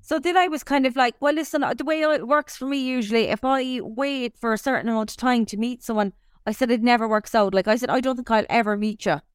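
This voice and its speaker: A young woman with an Irish accent tells a story in a lively, casual way, swearing as she goes. Her voice is smooth and clear and sits a little high. The sound is dry and close. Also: fast, dry recording. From Ireland. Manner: animated storytelling, swears freely. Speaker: podcast co-host. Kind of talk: casual chat.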